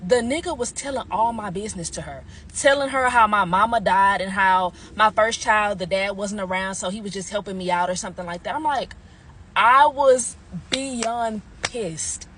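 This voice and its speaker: A woman's voice: mid-range voice, brisk, few pauses, a bit bright, slight background noise. A woman telling her own story about a relationship in a blunt, heated, profane way. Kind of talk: casual storytime.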